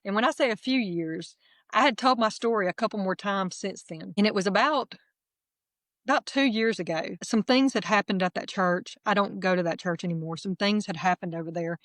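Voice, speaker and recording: A middle-aged woman, candidly telling her personal testimony as a guest in a lively, self-deprecating way. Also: medium pitch, brisk, no room sound.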